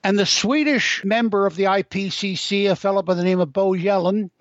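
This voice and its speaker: An older man with a fairly high voice talks as an interview guest. He is wry and opinionated, spinning anecdotes. The recording sounds dull and lo-fi, with a dry, close quality. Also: fairly even intonation, brisk, dry recording. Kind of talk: interview conversation.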